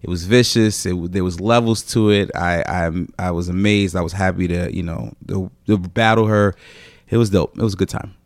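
A man's voice: low-pitched, normal speed, dry recording, studio quality. A man who is a comedian guest, telling stories in casual podcast chat, rambling with many fillers.

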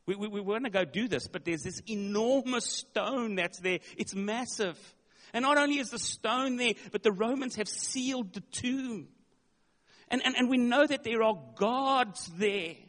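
A man's voice: high voice, animated, moderate pace, fairly bright tone. A male pastor preaching a sermon, retelling a story dramatically with emphatic, repeated words. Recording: long hall reverb.

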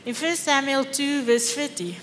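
A woman's voice: high-pitched, moderate pace, a bit bright, slight background noise. Fervent Afrikaans-accented woman preaching. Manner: fervent, with rhetorical questions. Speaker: pastor. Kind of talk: sermon. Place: church hall. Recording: echoey church hall with faint music.

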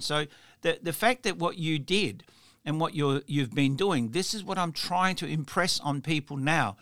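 A man's voice: on the high side, pushed and bright, dry recording, clean studio sound. A man hosting a podcast interview, chatting in a rambling way with lots of restarts and fillers. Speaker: podcast host. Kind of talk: interview chat.

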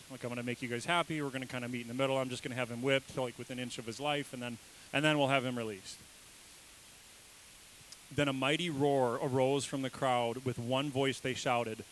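A man's voice: medium pitch, steady tone, fairly quick, a bit bright, a little hiss or hum, low-quality recording. A man preaching a sermon in a casual, conversational way, quizzing his listeners and acting out the people in the story with sudden bursts of emphasis. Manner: conversational, asks the congregation questions; acts out quoted voices with bursts of emphasis. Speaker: pastor.

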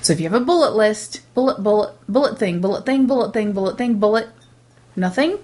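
A woman co-hosting a podcast in casual chat, talking in a rambling, animated way with many restarts. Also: medium pitch, fairly quick. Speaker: podcast co-host.

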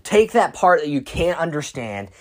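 A teenage preacher giving an informal sermon, earnest and halting, with frequent restarts and bursts of excited emphasis. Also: mid-range voice. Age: teens.

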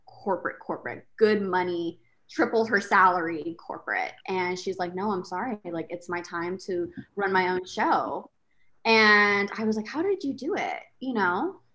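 Candid woman guest telling her story. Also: lowish voice. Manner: candid, expressive storyteller who swears. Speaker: podcast guest, entrepreneur. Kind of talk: casual chat.

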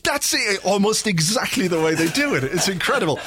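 A man's voice: sits high, animated, moderate pace, a bit bright, dry recording. Playful man on a dry mic. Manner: playful, jokey, rambling. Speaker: podcast co-host. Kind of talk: casual chat.

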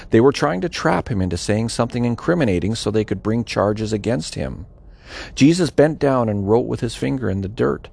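A man's voice: medium pitch, sing-song, fairly quick, vocal fry, a little mellow, breathy edge. A man reading scripture aloud with a dramatic, varied delivery, voicing the quoted speech. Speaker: scripture reader.

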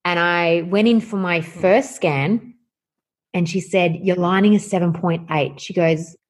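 A woman speaks as a guest, recounting her experience in a lively, candid way. She voices the people in her story as she goes, with a slightly low voice. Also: unhurried. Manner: animated, acts out quoted dialogue.

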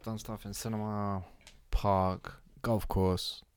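A man's voice: on the low side, level tone, slow pace, clean tone. A young man, chatting casually on a podcast, using laid-back slang and laughing often. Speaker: podcast co-host.

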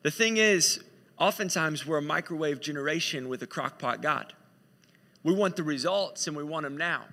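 A man's voice: on the high side, moderate pace, vocal fry, bright, forceful tone, big-room sound. A man preaching a sermon in a conversational, storytelling way, often repeating himself.

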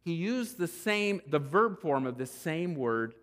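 Male pastor, slightly high voice, slow, emphatic sermon delivery, long echoing hall. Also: sing-song, fairly bright tone. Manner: emphatic, deliberate preaching with repeated restarts. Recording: long church-hall reverb.

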